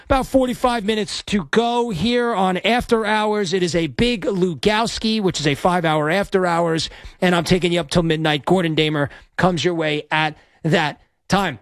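Upbeat sports radio host, a man, pitched a bit high, dry studio sound. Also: moderate pace, no echo. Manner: energetic, rambling, self-promoting. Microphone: studio microphone.

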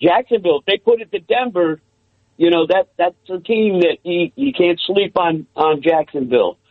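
A high-voiced male caller coming through a tinny, dry phone line. He is excited and talks in quick bursts, breaking into laughter between thoughts. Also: no room sound. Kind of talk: call-in talk.

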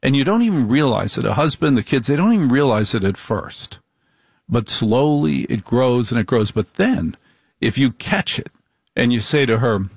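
A man's voice: mid-range voice, vocal fry, husky, no room sound. Wry middle-aged man, dry sound. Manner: deliberate, repetitive, wry. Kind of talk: comic monologue.

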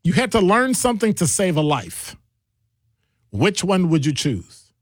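A middle-aged man hosting a call-in radio show, talking in a jokey, animated way and shifting his voice for quoted people. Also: high voice, measured pace, no room sound, studio quality.

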